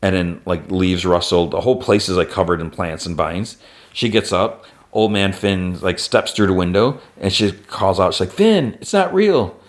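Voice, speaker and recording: Low-voiced man recapping an episode. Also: steady tone, normal speed. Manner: retells plot with constant "like" fillers; briefly raises his pitch for quoted character lines. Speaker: podcast host.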